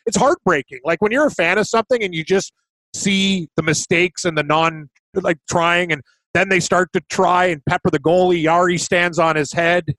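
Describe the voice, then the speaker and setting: A man's voice: high voice, steady tone, moderate pace, fairly bright tone, no echo. A man co-hosting a sports betting podcast in casual chat, talking in a blunt, exasperated ranting way. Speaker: podcast co-host, hockey betting.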